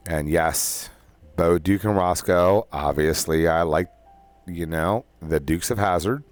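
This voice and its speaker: A man's voice: low voice, takes it slowly, soft background music. A man talking casually and at length about his everyday life, rambling with frequent ums and restarts, and he has the hiccups. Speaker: podcast host. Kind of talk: casual personal monologue.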